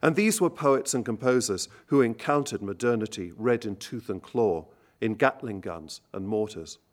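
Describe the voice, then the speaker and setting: A man introducing songs at an evening recital, speaking in a measured, literary way and reading poems aloud. He slows down to stress quoted lines. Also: fairly low pitch, lively intonation. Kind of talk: lecture with poetry reading.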